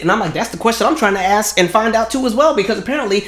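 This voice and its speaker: A man's voice: sits high, racing, few pauses, echoey room. A young man with hosting a casual commentary monologue, telling stories and mocking the other side in a raised voice. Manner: animated storytelling, mocks opponents in raised voice. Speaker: commentary channel host.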